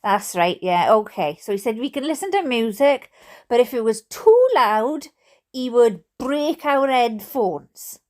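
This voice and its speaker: A woman's voice: fairly high pitch, darkish tone. Giggly Welsh woman reading funny stories. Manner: chatty, giggly, exclamatory, mock-indignant. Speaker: storyteller reading viewer stories. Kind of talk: reading funny stories aloud with chatty asides.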